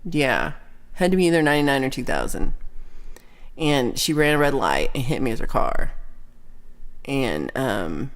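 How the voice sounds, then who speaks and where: A woman's voice: rumbling low, normal speed, long pauses. A woman in her thirties or forties hosting a casual livestream chat, telling ranting stories with plenty of swearing and reading out viewer comments. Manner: animated ranting storyteller, swears freely. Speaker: livestream host.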